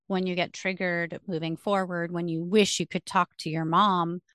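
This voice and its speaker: Woman podcast host, slow calm spiritual talk, a bit low, dry close sound. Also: dry recording. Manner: calm, measured, spiritual phrasing. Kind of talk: reflective spiritual conversation.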